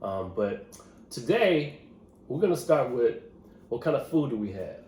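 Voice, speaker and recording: A man's voice: mid-range voice, sing-song, a little slow, crowd noise. A man co-hosting a casual podcast at home, laid-back, laughing often and hyping the intro. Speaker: podcast co-host. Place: home room. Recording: echoey room with faint hiss.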